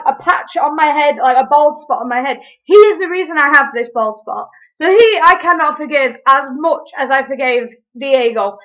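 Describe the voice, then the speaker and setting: A young woman telling a story to camera in a chatty, animated way. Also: sits high, low-quality recording. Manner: animated, chatty, quick asides. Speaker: vlogger. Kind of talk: casual storytelling.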